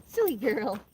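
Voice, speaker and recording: Chatty woman on an outdoor live stream. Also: a little hiss or hum. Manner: chatty, talks to her dog in a high baby voice. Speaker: farm vlogger reading live chat. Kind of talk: casual live-stream chat. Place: outdoors in a farm garden.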